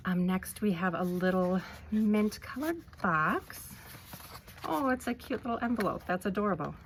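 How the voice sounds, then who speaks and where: A woman vlogger narrating an unboxing, gushing with delight and often pausing with ums. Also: medium pitch, animated, slight background noise. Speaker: crafting vlogger.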